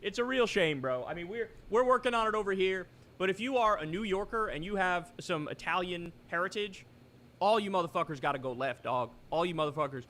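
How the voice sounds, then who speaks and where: A man from New York ranting in a reaction stream, swearing and mocking, his voice pitched fairly high. He talks heatedly and sarcastically. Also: lively intonation, fairly quick, a bit bright. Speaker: political commentary streamer. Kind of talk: reaction commentary.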